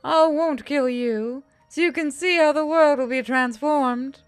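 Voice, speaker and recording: A woman voicing a gloating evil spirit that has taken over a young man, talking slowly and theatrically. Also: sits high, dry recording, faint music behind, voice pushed up. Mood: mocking. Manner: slow, theatrical, mocking.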